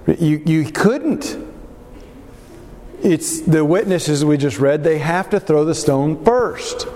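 A man's voice: on the high side, takes it slowly, dark tone, big-room sound, slight background noise. A man leading a Bible study group, teaching earnestly and putting questions to the group.

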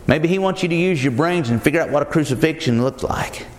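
A man's voice: fairly high pitch, fast, a little hiss or hum. A man preaching a sermon as pastor, pressing his point with repeated rhetorical questions and calling the listeners his friends. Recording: echoey hall with long reverb.

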